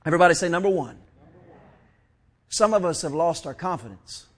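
A man preaching a sermon as pastor, lively and full of stammered restarts. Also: fairly high pitch, a little fast. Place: church sanctuary.

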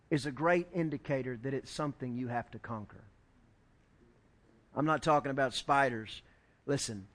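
A male pastor preaching a sermon, emphatic and joking, building up to shouted lines. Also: medium pitch.

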